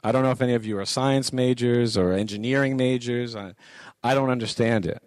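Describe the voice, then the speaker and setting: A man's voice: medium pitch, steady tone, brisk, no room sound. A middle-aged man giving a conversational lecture to college students, repeating his points for emphasis. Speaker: guest speaker on business writing.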